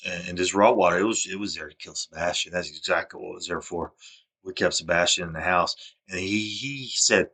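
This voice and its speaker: Speaking directly to camera, a vlogger with a very deep, low voice delivers a long, rambling monologue at a fairly quick pace. He sounds agitated, repeatedly restarting sentences and swinging from low muttering to loud outbursts, with a breathy edge.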